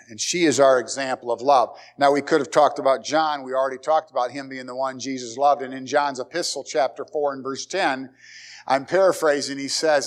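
A pastor preaching a conversational sermon in church, with dramatic pauses and repeated phrases. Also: male voice, medium pitch, steady tone. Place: church sanctuary.

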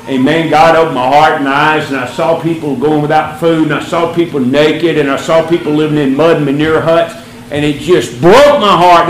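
A man with a slightly high voice tells his faith story with lots of energy and acts out each quoted person. He sounds like he is in a roomy space, and there is a faint hum of ambience behind him. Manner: animated storyteller, acts out quoted voices with big pitch jumps. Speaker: speaker telling a testimony. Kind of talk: storytelling testimony.

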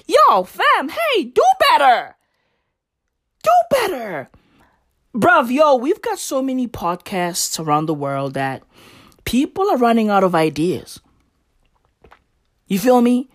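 A woman delivering a profane comedic rant, swinging between slow musing, sing-song chanting and shouting. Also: fairly high pitch. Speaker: comedic commentator. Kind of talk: ranting comedic monologue.

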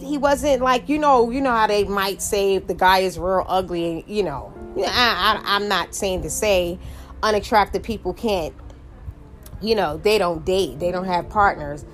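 A middle-aged woman vlogging, telling a story in a rambling, emphatic way, full of asides and restarts. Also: mid-range voice. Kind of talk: casual storytelling monologue.

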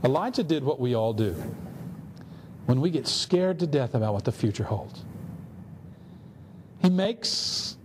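A man's voice: mid-range voice, animated, a little slow, long pauses, slight background noise. Man preaching a sermon in a reverberant hall. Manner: earnest storytelling, rhetorical. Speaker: pastor. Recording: long hall reverb, faint ambience.

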